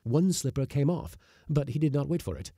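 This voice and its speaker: A man reading a classic short story aloud with expressive, dramatic delivery. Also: medium pitch, brisk, dry recording, clean studio sound.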